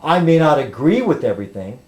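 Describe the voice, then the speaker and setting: A man's voice: on the high side, sing-song, fairly quick, a little mellow. A man rambling casually on a webcam vlog, chatty and full of ums and restarts. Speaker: video blogger.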